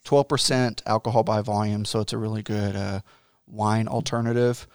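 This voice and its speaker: A man speaks in casual chat with a halting delivery and frequent fillers. His voice is smooth, and the recording is dry and close. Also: lowish voice, steady tone, no room sound. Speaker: guest brewer.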